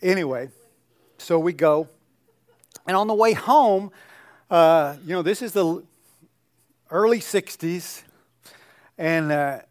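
A man's voice: a little high, takes it slowly, long pauses, no room sound, clean studio sound. An older man, a pastor, giving a sermon in a conversational storytelling way with joking asides.

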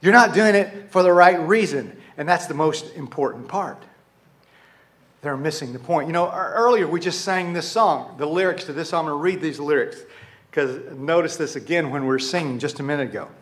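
High-voiced male pastor preaching. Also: a little fast, fairly bright tone. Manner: conversational, with frequent restarts and self-corrections. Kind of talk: sermon.

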